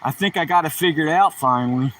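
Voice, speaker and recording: On a casual livestream, a man with a fairly high, slightly bright voice rambles quickly through corny jokes, poking fun at himself. The mic sits at a distance and picks up a bit of background noise.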